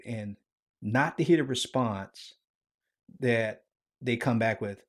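A man hosting a faith podcast, earnest, often dropping to a hushed tone. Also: mid-range voice, slow pace. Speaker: podcast host.

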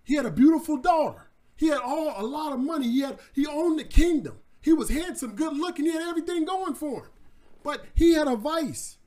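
A man's voice: very high-pitched, expressive, brisk, dark tone. A man teaching about trading through a story, in a casual, slangy, repetitive way. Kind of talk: storytelling lesson.

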